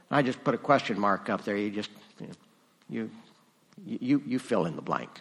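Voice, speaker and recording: A man's voice: mid-range voice, big pitch swings, measured pace, pauses often, fairly bright tone, breathy edge, in a large hall. A man preaching a sermon as pastor, conversational and rising to emphatic moments.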